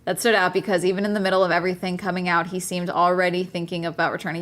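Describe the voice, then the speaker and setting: A woman's voice: on the low side, little pitch movement, very fast, fairly bright tone. A woman in her late twenties, a streamer reacting to messages, who talks bluntly, swears a lot and sounds exasperated. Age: 20s. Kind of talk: casual reaction commentary.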